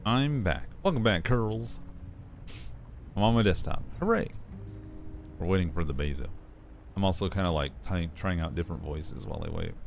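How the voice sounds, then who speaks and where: A man's voice: low voice, animated, moderate pace, vocal fry, long pauses, soft background music. A man chatting casually and playfully on a live stream, laughing often.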